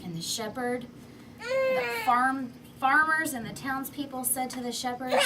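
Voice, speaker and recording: A woman telling a children's fable with props, in an expressive and animated way. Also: sits high, measured pace. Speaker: storyteller. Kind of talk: children's story read aloud with props. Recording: distant mic, faint background noise.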